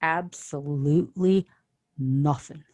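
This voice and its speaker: A woman's voice: sits low, slow pace, mellow, no room sound. Blunt, joking woman. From Canada. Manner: joking, blunt, laughs often. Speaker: podcast co-host. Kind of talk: casual chat.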